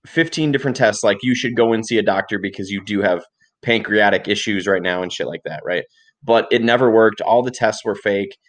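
A young man co-hosting a podcast, telling long rambling stories in casual chat with plenty of swearing. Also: on the low side. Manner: rambling, profane, animated storytelling. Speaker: podcast co-host.

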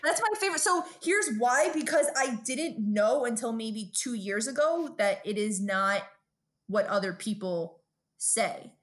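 A woman's voice: fairly high pitch, unhurried. A woman from Brooklyn with a New York accent, co-hosting a casual podcast chat and telling stories with plenty of swearing. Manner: profane, storytelling, animated. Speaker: podcast co-host.

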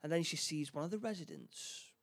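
Gravelly, slightly high man, casual podcast co-host retelling a plot with many false starts. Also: wildly swooping pitch. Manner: halting, many restarts, acts out lines. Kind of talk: casual chat recapping a film plot.

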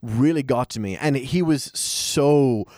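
A man's voice: medium pitch, slow pace, a little mellow, no echo, studio quality. A man on a podcast, a guest who speaks in a sardonic, profane and offended way. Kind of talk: casual podcast chat.

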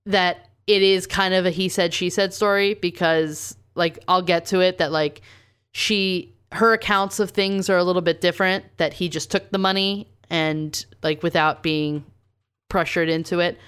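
Smooth-voiced woman telling a story. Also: on the low side, fairly even intonation, moderate pace, fairly bright tone. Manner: casual, says "like" a lot, reads quotes aloud. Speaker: podcast co-host telling a true crime story. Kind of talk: casual podcast storytelling, reading quotes.

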